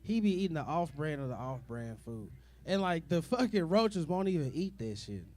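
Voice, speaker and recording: A man's voice: on the high side, sing-song, normal speed, darkish tone. A young man doing a rambling, profane stand-up comedy set, full of fillers and asides to the crowd.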